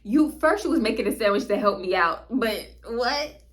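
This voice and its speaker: A woman vlogger telling a story to her viewers in a casual, animated way, often laughing and speaking straight to them. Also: a little high, normal speed.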